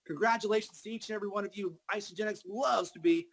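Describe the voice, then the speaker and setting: Energetic man guiding a tour, high voice, cheerful hype. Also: quick pace, creaky, slightly rough, rough recording. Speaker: presenter giving an office tour. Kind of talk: enthusiastic tour presenting.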